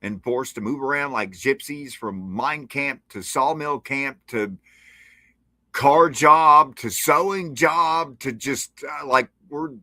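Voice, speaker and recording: Forceful man. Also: mid-range voice, takes it slowly, no echo. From Appalachia. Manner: impassioned, sardonic ranting. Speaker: podcast guest. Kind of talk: casual conversation. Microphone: remote streaming call.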